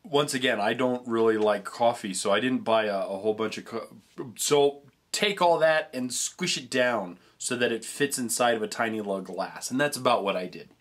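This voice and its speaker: A man's voice: medium pitch, moderate pace. Chatty rambling man tasting treats. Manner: rambling, chatty, stumbles over restarts. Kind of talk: casual food review vlog.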